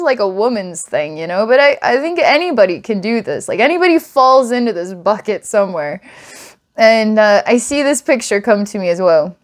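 A woman giving a channeled psychic reading, rambling and giggling often, then dropping to a soft, hushed tone. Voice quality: giggly, rambling, frequent laughs and restarts. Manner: lively and emotional, softens to a hushed low tone. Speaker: psychic reader.

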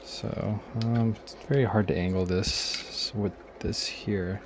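A repair video host, his voice on the low side and steady in tone, narrates a guitar pedal repair at his workbench. He muses aloud in a casual, unhurried way while testing and troubleshooting, often trailing off as he works. Background noise is audible.

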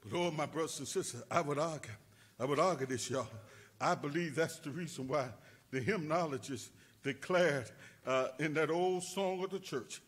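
A male pastor preaching a sermon with fervent delivery that rises to shouts. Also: fairly high pitch, moderate pace, slightly rough.

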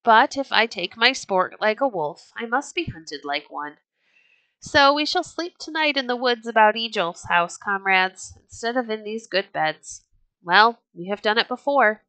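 A woman's voice: on the high side, expressive, a little slow, bright, forceful tone, no echo, poor audio. A woman reading the lines of a bold, hot-tempered but jovial red-bearded Viking chieftain in a hearty, boastful storybook manner. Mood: rousing.

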